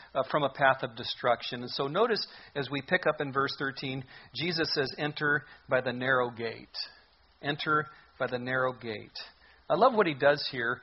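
Husky man preaching a sermon. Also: fairly high pitch, lo-fi sound. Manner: earnest, emphatic preaching with repetitions. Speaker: pastor.

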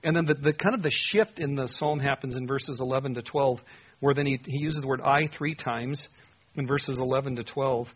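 A man preaching a sermon with a husky, slightly breathy voice. He talks in a loose, conversational way, full of filler words and sudden emphasis. The recording sounds dull and lo-fi. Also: medium pitch, normal speed. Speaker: pastor. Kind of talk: expository sermon.

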